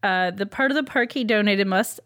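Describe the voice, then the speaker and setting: A woman with a mid-range, everyday voice co-hosts a casual chat show. She walks through facts from her notes, filling pauses with um and uh and breaking into laughter easily. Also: mid-range voice, a bit bright. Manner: reads out facts with many ums and uhs, laughs easily. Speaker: podcast co-host presenting a researched topic.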